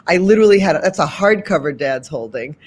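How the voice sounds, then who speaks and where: A woman's voice: on the low side, lively intonation, fast, a crowd in the background. A woman in her sixties from the Boston area, telling a long story as an interview guest, with many asides and restarts.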